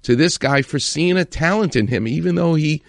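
Animated male storytelling host. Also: fairly high pitch, moderate pace, vocal fry, no echo, studio quality. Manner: animated, enthusiastic retelling with acted quotes. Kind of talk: storytelling commentary.

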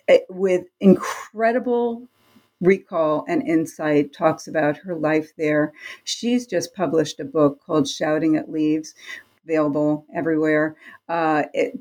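A woman's voice: fairly low pitch, darkish tone. A woman answering in an interview as an advocate, earnest, with fillers and restarts. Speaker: advocate and book co-author.

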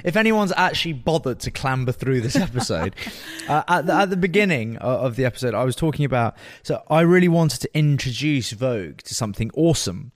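A man's voice: mid-range voice, expressive, fairly quick, few pauses, no echo. A man co-hosting a podcast, chatting casually and teasing his partner in playful banter. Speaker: podcast co-host. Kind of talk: casual chat.

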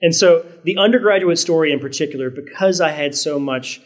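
Brisk and on the high side, this middle-aged man from Virginia, whose mostly standard American accent carries a slight Southern hint, reflects earnestly as a podcast interview guest. He frequently restarts his sentences and adds "right?".

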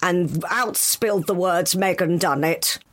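A woman's voice: lowish voice, unhurried. A woman speaking as a royal correspondent on a comic radio show, pompous and theatrical.

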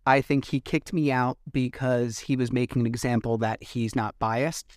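A man's voice: medium pitch, little pitch movement, moderate pace, a little mellow, no echo, clean studio sound. A man hosting a podcast, retelling events casually and animatedly, acting out quoted exchanges and swearing at times. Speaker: podcast host. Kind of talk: casual monologue recap.

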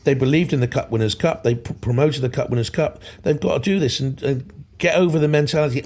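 Male co-host, casual emphatic rambling chat, medium pitch, on a video call. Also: fairly quick, a little mellow. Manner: rambling, emphatic, repeats himself. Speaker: podcast co-host.

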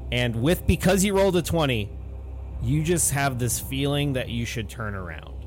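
A man narrating as game master of a tabletop game, describing scenes in a relaxed way with loose fillers. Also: mid-range voice, normal speed, faint music behind.

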